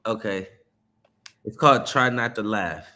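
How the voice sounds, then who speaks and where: A man's voice: lowish voice, measured pace, bright, forceful tone. A man hosting a casual livestream, laid-back and joking with slangy talk. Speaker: livestream host.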